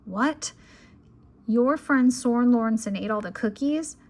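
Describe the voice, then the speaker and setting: A woman's voice: fairly high pitch, normal speed, creaky, darkish tone, husky. Woman reading as an eager young boy.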